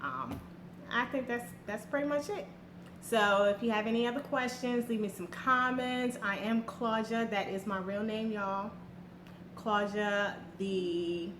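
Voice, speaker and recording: A woman's voice: on the high side, moderate pace, background noise. Chatty woman vlogger in an echoey room. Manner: chatty, candid, with fillers and slang. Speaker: beauty vlogger. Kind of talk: casual product review vlog. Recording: echoey room with faint ambience.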